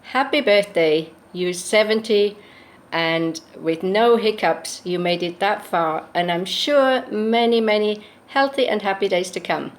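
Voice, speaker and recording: A woman's voice: medium pitch, measured pace. A woman recording her first birthday video, offering plain, kindly wishes. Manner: plain, kindly well-wishing. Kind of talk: casual birthday message. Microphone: phone or webcam.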